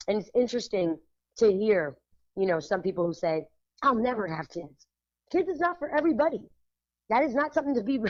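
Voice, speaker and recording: An animated woman co-hosting a radio talk show, speaking emphatically and breaking into laughter and Spanish phrases. The recording is dry and a bit dull and lo-fi. Her pitch sits in a middle range for a woman. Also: dry recording. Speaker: art show curator and radio co-host. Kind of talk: casual radio chat.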